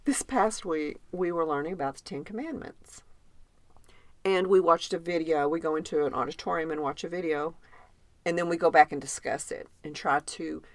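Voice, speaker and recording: This podcast co-host has a low-pitched voice and speaks at a normal speed, with no room sound at all. She chats casually, spinning animated stories and laughing a lot.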